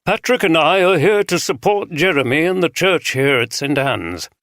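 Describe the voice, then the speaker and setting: A man's voice: on the high side, animated, moderate pace, a bit bright, no room sound, studio quality, pitched above the performer's own voice. A man voicing a portly, frank male bishop with a northern English accent. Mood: grave. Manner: frank, earnest.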